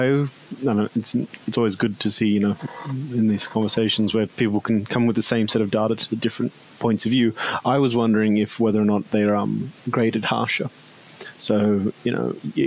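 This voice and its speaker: Gravelly low Australian man musing. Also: darkish tone, a little hiss or hum, low-quality recording. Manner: musing, trails off with many fillers. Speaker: podcast co-host. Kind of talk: casual discussion.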